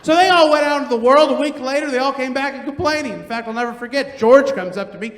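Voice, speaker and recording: Comic in his 30s, very high voice, animated storyteller, roomy theater reverb, faint room noise. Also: fast. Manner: animated storytelling, shouting punchlines. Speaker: stand-up comedian. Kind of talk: stand-up set. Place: large theater on stage. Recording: echoey theater with long reverb. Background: audience laughter.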